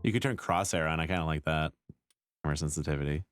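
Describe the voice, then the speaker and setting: A man's voice: extremely low pitch, fast talker, smooth. A man streaming a video game, chatting in a laid-back, joking way. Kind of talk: casual gameplay commentary.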